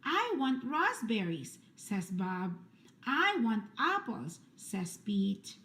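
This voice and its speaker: A woman reading children's picture books aloud in a slow, sing-song storytelling manner. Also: mid-range voice, big pitch swings, a bit bright. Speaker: storybook reader.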